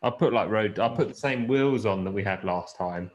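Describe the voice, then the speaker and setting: Male podcast host, lowish voice, loose casual chat with fillers. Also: normal speed. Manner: chatty, rambling, with fillers and swearing. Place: lives in the Peak District.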